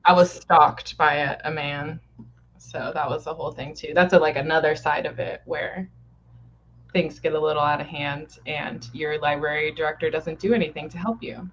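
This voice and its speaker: Lowish woman's voice, lo-fi recording. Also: steady tone, moderate pace. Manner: laughing, exasperated storyteller. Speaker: library worker. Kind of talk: casual storytelling chat. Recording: dull lo-fi recording with faint hiss.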